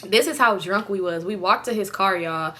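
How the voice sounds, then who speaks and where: A young woman vlogger telling a casual storytime, chatty and animated, swearing freely and laughing often. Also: medium pitch, normal speed.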